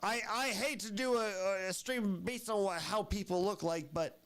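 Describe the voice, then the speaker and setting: A man's voice: high voice, unhurried, fairly bright tone. A man streaming his reactions to videos, talking in an emotional, rambling way with lots of swearing. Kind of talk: casual reaction livestream.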